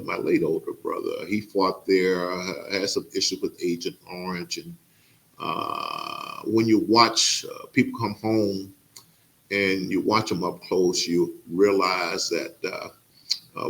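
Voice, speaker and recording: Halting, earnest man hosting a podcast. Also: sits low, creaky. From Mississippi, USA. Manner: halting, many "uh" fillers, earnest. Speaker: podcast host. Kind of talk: casual interview introduction.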